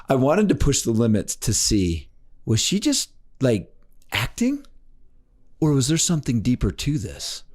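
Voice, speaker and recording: A man being interviewed as a life coach, telling a story in a podcast interview and acting out the voices of the people in it. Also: normal speed. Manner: animated, acts out quoted voices with big pitch jumps.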